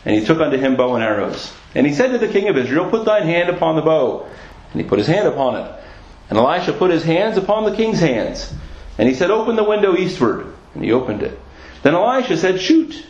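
Pastor, male, slightly high voice, earnest sermon delivery, echoey lo-fi church recording. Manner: earnest preaching, repeats phrases for emphasis.

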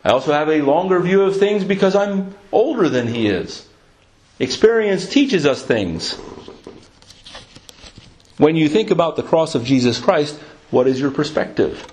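A man preaching a sermon, earnest and emphatic, slowing down to stress key lines and reading scripture aloud. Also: fairly high pitch, darkish tone, low-quality recording. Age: adult with a young son.

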